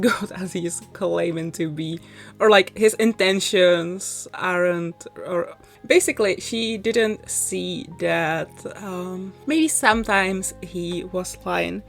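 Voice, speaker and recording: Chatty young woman narrating casually. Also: mid-range voice. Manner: chatty, laughs often, slightly rambling. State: a little out of breath. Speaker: YouTuber. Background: soft background music.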